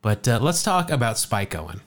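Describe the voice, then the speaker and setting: A man's voice: mid-range voice, very animated, a little fast. Guy on a podcast spinning a goofy baseball yarn, voice bounces up and down a lot, trips over his words. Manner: chatty, jokey, stumbles and repeats words. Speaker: podcast co-host telling a baseball story. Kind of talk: casual podcast chat.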